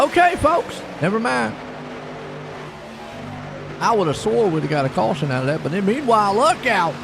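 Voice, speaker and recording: A high, lively male voice calls a virtual stock car race in a folksy, excitable way. Engine noise runs under his words, and he swings between chatty asides and sudden bursts of surprise. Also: moderate pace, vocal fry, long pauses. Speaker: sim racing commentator. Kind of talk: live race commentary. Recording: noisy stream with car engine sound.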